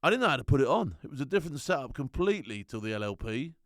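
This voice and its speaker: A middle-aged man telling animated, slangy stories as a former soldier and laughing often. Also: mid-range voice, rapid-fire, no echo, studio quality. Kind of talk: casual anecdote.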